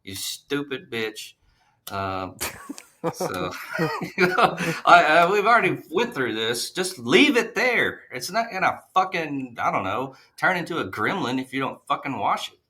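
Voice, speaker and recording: A man's voice: on the high side, big pitch swings, unhurried, pushed and bright, a little hiss or hum. A man co-hosting a casual podcast, ranting in exasperation and swearing heavily. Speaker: podcast co-host. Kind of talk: casual profane podcast chat.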